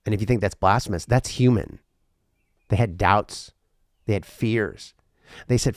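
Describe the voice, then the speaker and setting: A male podcast host talking alone, earnest and rambling, with a lot of repeated words, going from intense to quiet and emotional. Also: fairly low pitch, unhurried, long pauses, no room sound, clean studio sound. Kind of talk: reflective solo podcast monologue.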